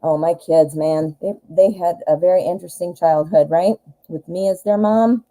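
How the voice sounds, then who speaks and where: A woman's voice: fairly low pitch, normal speed, warm tone, rough recording. A woman in her forties with a Midwestern American accent, chatting in a rambling, self-deprecating way while doing a live tarot reading. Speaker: tarot reader.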